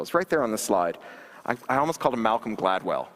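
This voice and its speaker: On a large conference hall stage, a man delivers a keynote in a mid-range, slightly bright voice that's very animated and fast. He's wry and sarcastic, with frequent ums and restarts, and the long reverb of the big hall hangs on every word.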